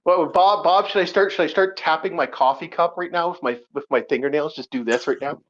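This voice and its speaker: A man's voice: fairly high pitch, a little fast. A man hosting a podcast in casual chat, rambling and profane, laughing often. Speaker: podcast host. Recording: lo-fi muffled audio.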